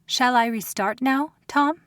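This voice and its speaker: A man voicing a calm, courteous female robot who sounds almost human, in a dry audiobook recording. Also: very high-pitched, no room sound, pitched above the performer's own voice, exaggerated voice. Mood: calm polite. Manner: soft, courteous, evenly measured. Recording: dry close studio audio.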